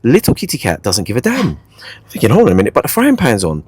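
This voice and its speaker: A man hosting a podcast, telling a dating story in a playful, animated way and repeating his own catchphrases. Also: medium pitch, fast talker, husky, no echo. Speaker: podcast host. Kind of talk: casual storytelling chat.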